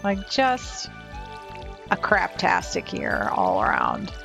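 A woman's voice: fairly low pitch, huge pitch swings, takes it slowly, gravelly, music in the background. A sleepy woman chatting casually while she plays a farming game, yawning now and then and asking questions. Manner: drowsy, yawning, chatty, talks softly to pets. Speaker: streamer playing a farming game. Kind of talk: casual gameplay chat.

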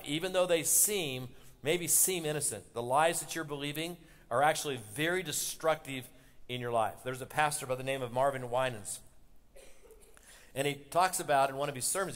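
A man, a pastor, preaching a sermon and rising in loudness and intensity as he drives his points home. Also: medium pitch. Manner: impassioned, rising loud on the father's words. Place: church sanctuary. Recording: long hall reverb from a church sanctuary.

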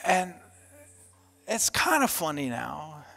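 Pastor in his thirties, lively storytelling sermon, fairly high male voice, shouts out the quoted lines. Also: slow pace, gravelly. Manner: animated, self-deprecating, acts out quotes loudly.

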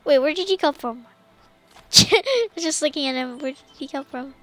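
A woman giving casual let's-play commentary, talking to herself and to the creatures on screen, and yelling commands at the game when things heat up. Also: high-pitched, normal speed, soft background music. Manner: excitable, yells commands at the game. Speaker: gamer streamer.

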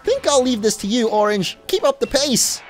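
A man's voice: very high-pitched, sing-song, moderate pace, soft background music, pitched above the performer's own voice. A man voicing an earnest teenage boy rival trainer with a light put-on British accent and an eager, heartfelt way of talking.

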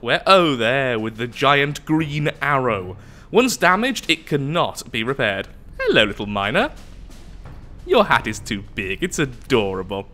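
A man's voice: a little high, pushed and bright. A man giving casual, jokey let's-play commentary, reading on-screen text aloud and exclaiming. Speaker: gameplay commentator.

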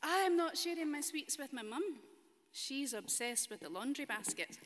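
Woman putting on a sulky little boy hoarding sweets, pitched up a touch and ringing through a big cathedral. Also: animated, moderate pace, background noise. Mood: stubborn. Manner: sulky, emphatic refusals. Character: stubborn greedy small boy hoarding sweets. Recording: long cathedral reverb.

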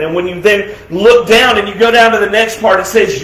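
Pastor, male, high-pitched, emphatic sermon delivery; loud proclamations that drop to hushed asides. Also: animated, normal speed. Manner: emphatic preaching with rhetorical questions; swings between loud declarations and quiet, soft asides. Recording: echoey room sound.

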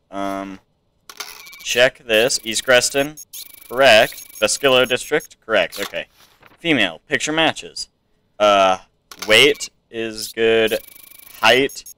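A man's voice: lowish voice, takes it slowly, pauses often, bright, forceful tone, clear, resonant tone. A man giving casual gameplay commentary, thinking aloud as he checks items off to himself. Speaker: game player.

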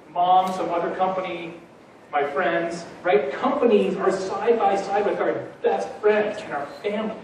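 A man giving a conference keynote, punchy and energetic, full of rhetorical questions. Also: high voice, very echoey, recorded from a distance, slight background noise, poor audio. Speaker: keynote speaker. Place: large conference hall.

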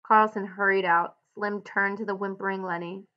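A woman teacher reading a novel aloud and adding clear, explanatory asides for students. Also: medium pitch, steady tone, normal speed, dull audio. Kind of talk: read-aloud with guided annotations.

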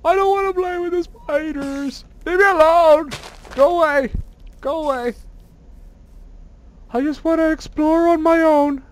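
A gamer giving let's play commentary, excitable and self-mocking, full of exclamations and whining at the game. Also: extremely high pitch, normal speed, hardly any pauses.

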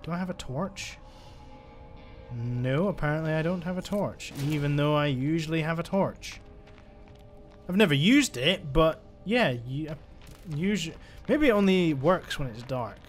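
A man's voice: on the high side, expressive, measured pace, faint music behind. A young man giving chatty, exasperated let's-play commentary as he plays, talking to himself. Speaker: gaming channel host.

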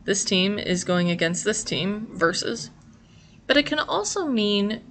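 A woman's voice: medium pitch, moderate pace, a bit bright, a little hiss or hum. A woman teaching a sign language class, explaining each sign patiently and step by step. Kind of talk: instructional explanation.

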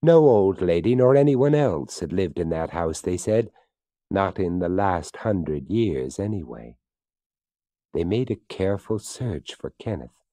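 A man narrating a ghost story in a theatrical reading, slowing and hushing for suspense. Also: deep voice, expressive, dry recording.

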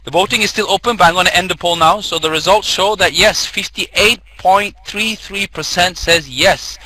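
Male webinar host, high voice, very bright and sharp tone, chatty, laughs easily. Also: moderate pace. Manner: chatty, laughs easily, reads out poll results. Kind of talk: casual moderating.

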